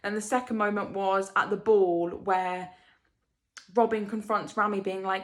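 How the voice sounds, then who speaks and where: A young woman talks straight to her camera at home, reacting to a book she just finished. She rambles, circles back, and tosses out rhetorical questions, her voice sitting at an ordinary middle pitch and catching with feeling. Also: fairly even intonation, a little slow. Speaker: book vlogger. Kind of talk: casual rambling book review.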